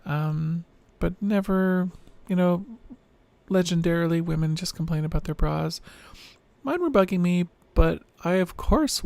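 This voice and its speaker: This is a woman whose low, androgynous voice still comes across as mostly male, with a rough, fry-laden edge. She talks in a loose, rambling video-diary way, reflective and self-deprecating. She sounds worn out, as if recording at the end of a long day. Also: a little mellow, no echo. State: tired, late at night.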